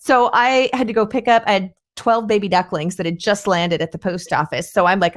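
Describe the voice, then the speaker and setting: A woman hosting a podcast tells a story in a relaxed, chatty way. Her voice sits at an ordinary middle pitch, and she grows animated as she acts out what others said. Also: fairly quick, hardly any pauses. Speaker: podcast host. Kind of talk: casual conversational storytelling.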